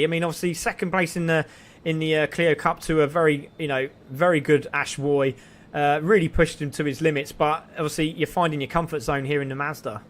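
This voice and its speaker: A man doing live sim racing commentary, excitable and climbing with the action, his voice tiring and hoarse. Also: on the high side. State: voice going hoarse.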